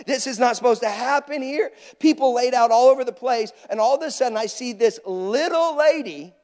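High-voiced preacher in an echoing hall. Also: male voice, brisk, a little mellow. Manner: conversational, anecdotal storytelling. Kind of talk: sermon storytelling. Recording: long reverb of a large hall.

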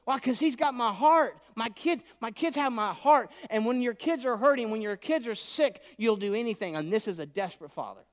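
A man in his thirties delivers a sermon in a fairly high voice. He preaches with swings from loud, pleading bursts to soft, intimate asides. The hall carries a long, lingering reverb. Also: animated, brisk, few pauses. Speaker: pastor.

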